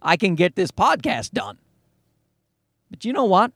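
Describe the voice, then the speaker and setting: A man's voice: high-pitched, moderate pace, no room sound, studio quality. A man in his thirties, a comedian and podcast host, rambling and swearing through a casual comic monologue. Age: 30s. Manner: rambling, profane, animated. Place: parking garage.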